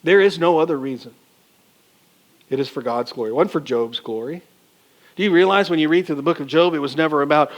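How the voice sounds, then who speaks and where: A man's voice: a little high, brisk. A male pastor preaching a sermon in a folksy, colloquial way, asking the congregation rhetorical questions.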